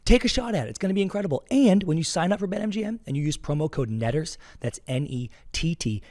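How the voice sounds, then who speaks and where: A man co-hosting a hockey podcast, reading an ad with excitement and chatting casually. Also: on the high side. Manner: excitable, fast ad read then rapid disclaimers. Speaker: podcast co-host. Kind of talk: casual chat and read ad.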